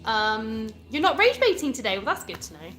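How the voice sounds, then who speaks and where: A woman's voice: fairly high pitch, big pitch swings, brisk, fairly bright tone. A young British woman from England hosting a casual live stream, chatting and answering viewer comments as she reads them aloud. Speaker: livestream host.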